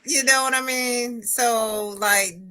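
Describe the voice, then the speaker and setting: A woman's voice: fairly high pitch, slow pace. A woman in her forties hosting a casual interview podcast and talking to her listeners directly. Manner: relaxed, speaks to listeners as "y'all". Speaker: podcast host.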